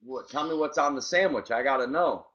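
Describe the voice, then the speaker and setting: A man's voice: mid-range voice, fairly quick, fairly bright tone. A male co-host in casual chat who enthusiastically greets listeners by name. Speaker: podcast co-host. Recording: dull lo-fi sound.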